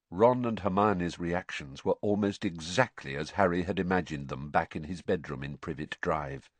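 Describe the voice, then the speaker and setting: Brief: low husky male narrator, expressive storytelling, dry studio sound. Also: no room sound. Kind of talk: audiobook narration.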